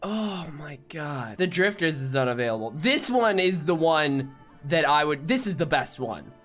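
Excitable, foul-mouthed woman streamer. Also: deep voice, moderate pace, faint music behind. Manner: excitable and profane. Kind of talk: live-stream game reaction.

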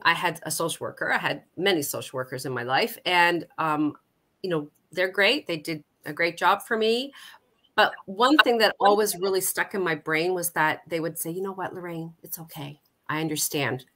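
A middle-aged woman from Canada talks as an interview guest, sharing a personal story in a candid, unpolished way. Her voice sits slightly low yet sounds bright and forward, and she often backs up and restarts her sentences. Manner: candid, personal storytelling with frequent self-corrections. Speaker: guest, Alzheimer's support coordinator. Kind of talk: conversational interview.

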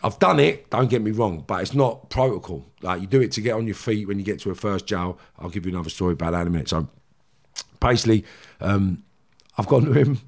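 A man's voice: lowish voice, fast talker, gravelly. A middle-aged man with a London accent, a podcast guest telling stories in casual talk, swearing freely and acting out what other people said. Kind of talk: casual storytelling.

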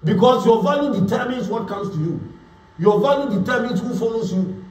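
A high-voiced male pastor preaches with emphatic, repeated phrases. His voice carries from a distance through an echoey church hall, and he acts out the quoted people he mentions. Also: expressive, moderate pace, a little mellow. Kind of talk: sermon. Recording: echoey room, voice from far off.

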